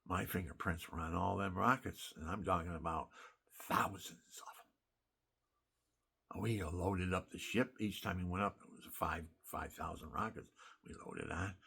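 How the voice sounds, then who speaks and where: A man's voice: low voice, steady tone, moderate pace, vocal fry, bright, forceful tone, slightly rough. An older man, a military veteran, telling war stories in a rambling, emphatic spoken monologue that wanders and restarts.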